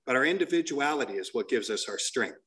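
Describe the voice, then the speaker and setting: A man's voice: mid-range voice, quick pace. A man telling blunt, profane stories as he shares with a recovery group. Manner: profane, blunt, animated storyteller. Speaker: speaker sharing at a recovery meeting.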